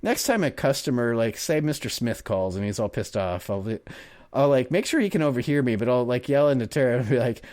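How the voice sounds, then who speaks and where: A man's voice: medium pitch, animated, brisk, a little mellow, no echo, clean studio sound. A man co-hosting a podcast, reading a story and chatting casually, rambling and laughing with mild swearing. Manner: laughing, rambling, profane, mock-formal voices for quotes.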